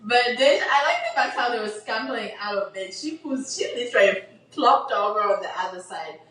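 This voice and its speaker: A woman's voice: fairly high pitch, lively intonation, a little fast, fairly bright tone, slight background noise. A woman in a casual book chat who retells scenes with animation, acts out the characters' lines and says "like" constantly. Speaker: podcast co-host. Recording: roomy, distant mic.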